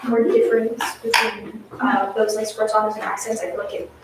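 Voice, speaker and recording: A woman's voice: fairly high pitch, level tone, normal speed. A young woman student musician answering her coach hesitantly, with many fillers. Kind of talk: casual answer in a masterclass. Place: large echoey rehearsal room. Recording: echoey distant mic with clattering noise.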